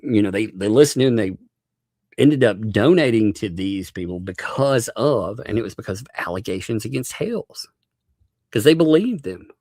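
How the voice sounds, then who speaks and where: A man's voice: mid-range voice, darkish tone, no echo, clean studio sound. A man hosting a live stream, chatting casually, laughing often and thanking viewers by name.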